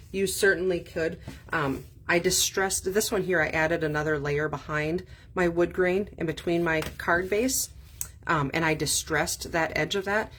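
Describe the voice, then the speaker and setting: Woman, crafting tutor, chatty, rambling, lower register. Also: fairly bright tone, a little hiss or hum. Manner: chatty, thinks aloud, frequent ums. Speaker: card-making demonstrator.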